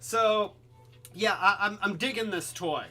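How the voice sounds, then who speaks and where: A man hosting a casual toy live stream, rambling and halting, with many restarts and fillers, and calling himself by a nickname in the third person. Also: high voice, bright, forceful tone, faint music behind. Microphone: webcam.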